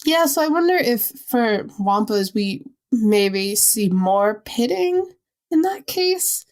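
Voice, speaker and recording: A woman with a Long Island New York accent, co-hosting a casual podcast chat in an animated, chatty way. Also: a little high, takes it slowly. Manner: chatty, animated, laughs easily. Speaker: podcast co-host.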